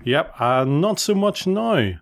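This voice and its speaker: A man's voice: on the high side, expressive, takes it slowly, vocal fry. A middle-aged man hosting a casual family podcast, rambling, correcting himself and joking as he goes. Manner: rambling, self-correcting, playful. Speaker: podcast host.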